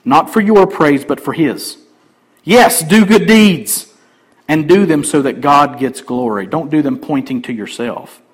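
A man pastor preaching a sermon emphatically, swinging between loud declarations and quiet asides. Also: on the high side, expressive, normal speed, hardly any pauses, slightly rough, poor audio.

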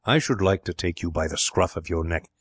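A man voicing an exasperated young gentleman who speaks slowly with restrained irritation. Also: low voice, breathy edge, dry recording.

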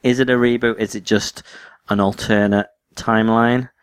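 A man with a lowish voice co-hosts a casual podcast, bantering in a dry, wry way. The recording is dry and close, with no room echo. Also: little pitch movement, normal speed, clean tone. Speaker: podcast co-host. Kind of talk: casual chat.

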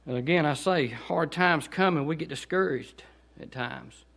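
A man with a Southern accent preaching a guest sermon in a church, dropping to quiet asides and then rising into loud, pleading exhortation. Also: normal speed, gravelly. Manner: swings from low conversational asides to high shouted pleading. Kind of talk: Baptist sermon. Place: church sanctuary.

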